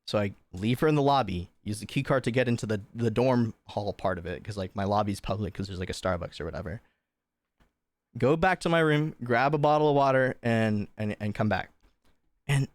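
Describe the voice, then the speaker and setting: A man's voice: lowish voice, no echo. A young man livestreaming to his chat, casually telling a long story with lots of fillers and swearing. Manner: chatty, swearing, animated retelling with many fillers. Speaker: livestream host.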